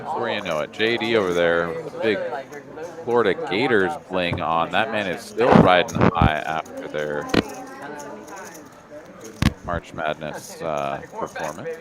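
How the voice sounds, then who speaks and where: A man calls a live poker game in an unhurried, drawling style, filling pauses with easy fillers. His voice sits low. A steady murmur of chatter runs behind him. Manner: laid-back, drawling, frequent "uh" fillers. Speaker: poker stream commentator.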